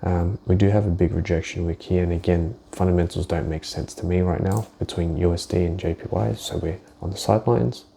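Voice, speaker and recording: Low, gravelly man talking through trades. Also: fairly even intonation, a little fast, few pauses, warm tone, slight background noise. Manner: loose, thinking aloud, swears, restarts sentences. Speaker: forex trader. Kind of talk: casual screen-share market walkthrough.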